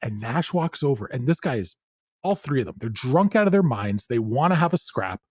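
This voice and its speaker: Brisk and husky, a medium-pitched middle-aged man hosts a podcast without any echo on the track. He's animated and swears freely while chatting casually through a story, breaking into laughter along the way.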